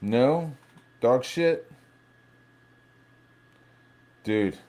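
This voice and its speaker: A man hosting a casual live stream, ranting in a profane, rambling, animated way. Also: medium pitch, extremely slow. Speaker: livestream host.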